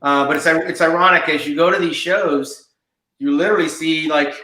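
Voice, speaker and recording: Fairly high-pitched, bright and pushed, a man in his fifties keeps a steady tone at a moderate pace as he eagerly shares stories while co-hosting a casual podcast. The recording has room echo.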